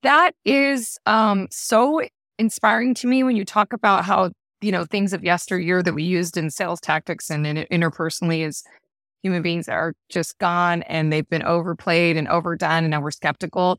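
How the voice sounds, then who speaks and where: A woman's voice: fairly low pitch, normal speed, a bit bright, no echo, studio quality. A woman hosting an interview, talking in an enthusiastic, chatty way with many fillers. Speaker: podcast host. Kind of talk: casual interview conversation.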